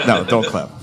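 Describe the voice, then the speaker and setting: A man doing a stand-up comedy set, telling stories in a crude, profane and laughing way. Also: on the low side. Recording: noisy live recording.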